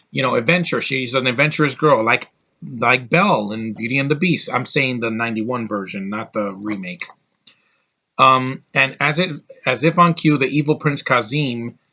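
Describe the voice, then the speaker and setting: Rambling male movie reviewer, bright tone. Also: mid-range voice. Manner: rambling, full of fillers and restarts.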